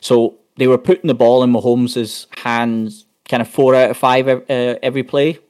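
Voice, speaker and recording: A man's voice: mid-range voice, level tone, normal speed, darkish tone. Man rambling through football stats. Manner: rambling, full of restarts and stats. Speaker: podcast panelist. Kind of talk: casual sports chat.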